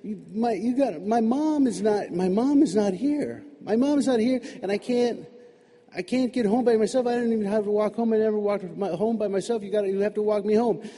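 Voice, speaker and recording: A man's voice: high voice, a little fast, dark tone, pitched above the performer's own voice. A man voicing an upset little girl who pleads and repeats herself. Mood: pleading. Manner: pleading, repetitive, breathless. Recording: reverberant hall.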